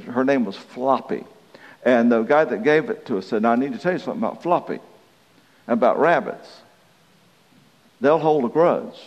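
A man's voice: mid-range voice, a little mellow. A man preaching a sermon, telling a folksy, self-deprecating story and chuckling through it. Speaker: pastor. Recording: dull reverberant hall recording.

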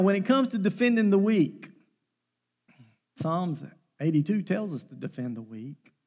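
A man's voice: a little high, creaky, a little mellow. A middle-aged man preaching a sermon, telling family stories in a folksy way with emphatic bursts.

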